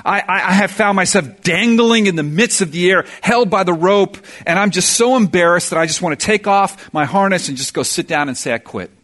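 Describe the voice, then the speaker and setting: A man's voice: high-pitched, a little fast, hardly any pauses, a bit bright. A man voicing a discouraged male believer who admits in a hesitant, stammering way that he wants to quit. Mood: defeated.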